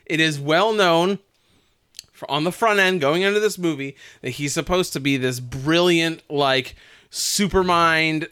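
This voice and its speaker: Bright, clear-voiced man leading a podcast chat. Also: on the high side, measured pace, dry recording, studio quality. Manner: animated, jokey, steers the talk. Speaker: podcast co-host. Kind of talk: casual movie review chat.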